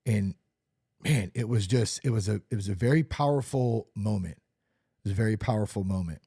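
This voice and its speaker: A man's voice: lowish voice, normal speed, warm tone, husky, dry recording, clean studio sound. A man hosting a podcast, sharing a personal recovery story in an earnest way and repeating phrases for emphasis. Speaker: podcast host.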